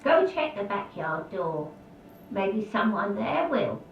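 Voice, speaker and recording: An actress voicing a gruff elderly woman who bluntly refuses to let strangers in. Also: mid-range voice, sing-song, takes it slowly, roomy sound, far from the mic, muffled recording, a little hiss or hum, heavily acted. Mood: stern. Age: older. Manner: blunt, scolding, dismissive.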